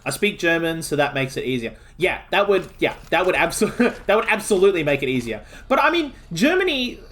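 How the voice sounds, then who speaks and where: An Australian man chats casually while streaming a video game, speaking into a desk mic. His voice sits slightly higher than most men's. He rambles, restarts sentences and pads them with fillers. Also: big pitch swings, fairly quick, a bit bright, slight background noise.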